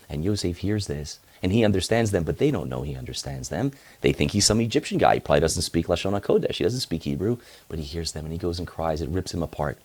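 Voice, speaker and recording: Low-voiced guy rabbi, chatty and animated, voice bouncing around a lot as he tells the story. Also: fast talker, hardly any pauses, breathy edge. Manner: casual, animated retelling. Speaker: rabbi and teacher. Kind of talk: storytelling Torah lesson.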